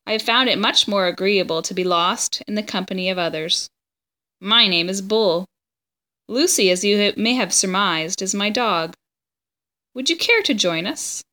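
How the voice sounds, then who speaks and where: A woman voicing an enormous bearded homeless man, gentle and courtly, in a storybook read-aloud, with formal, drawn-out speech. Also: mid-range voice, lightly acted. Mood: kindly.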